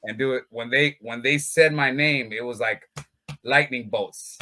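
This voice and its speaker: A man with a very bright, sharp-edged voice spins loose, casual stories as a fighter on an interview show. He keeps slipping into laughter while he talks. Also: mid-range voice, measured pace. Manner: laughs often while talking. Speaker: bare-knuckle fighter, interview guest. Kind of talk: casual storytelling.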